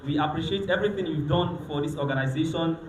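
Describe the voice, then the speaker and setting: A Nigerian man hosting an event on a handheld mic, teasing the crowd in lively banter that mixes pidgin and Yoruba. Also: on the high side, fast talker, a little hiss or hum. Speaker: event host, master of ceremonies. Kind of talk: lively emcee banter with audience. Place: event hall. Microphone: handheld microphone. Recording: echoey event hall.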